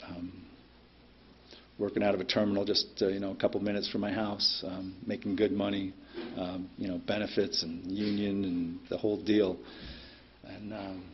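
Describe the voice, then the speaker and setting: A man's voice: deep voice, level tone, moderate pace, a little hiss or hum. A middle-aged man telling his story at a recovery meeting in a plainspoken, blunt way, with many ums and some cursing. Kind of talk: personal recovery share. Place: meeting room. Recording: dull lo-fi meeting recording.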